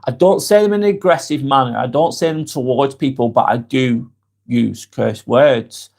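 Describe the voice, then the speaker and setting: A man's voice: mid-range voice, normal speed, vocal fry, darkish tone. A man hosting a live stream, reading viewer comments aloud and answering them in a frank, rambling way, swearing casually as he talks.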